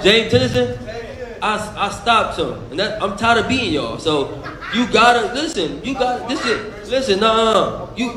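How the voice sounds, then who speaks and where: A high-voiced man trash-talks a rival at a press conference. He is boastful and profane, laughs often, and keeps cutting himself off to start again. The sound is echoey and roomy. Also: a bit bright. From Philadelphia. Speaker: boxer.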